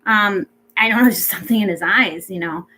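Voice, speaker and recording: A woman speaking as a pet psychic medium in a casual reading, chatty and rambling with many ums, gentle and reassuring. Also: mid-range voice, brisk, poor audio.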